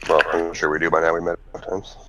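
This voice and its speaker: A man's voice: low voice, completely flat delivery, quick pace. A man playing a tabletop game, giving dry, brief replies. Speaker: player. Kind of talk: casual chat. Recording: dull lo-fi line with faint noise.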